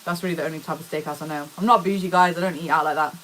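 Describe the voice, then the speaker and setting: A young woman talks casually to her live-stream viewers from her home kitchen. Her voice sits a little low, and she is loose and slangy as she answers the chat. A faint sizzle of frying food runs behind her. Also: fairly even intonation, rapid-fire, fairly bright tone, slight background noise. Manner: chatty, slangy, answers viewer comments aloud. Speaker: livestreamer.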